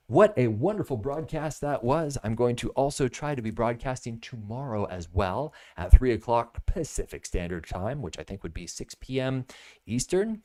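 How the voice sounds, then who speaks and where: Animated American man on a live stream. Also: lowish voice. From United States. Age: 30s. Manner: animated, jokey, swings between loud bursts and soft asides. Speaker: livestream product reviewer. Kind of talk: live-stream product pitch.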